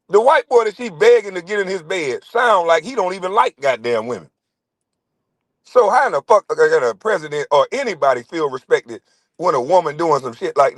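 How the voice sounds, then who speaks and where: A man's voice: sits high, a bit bright, dry recording. A middle-aged man hosting his own channel, ranting to camera in a confrontational, constantly swearing monologue. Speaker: channel host.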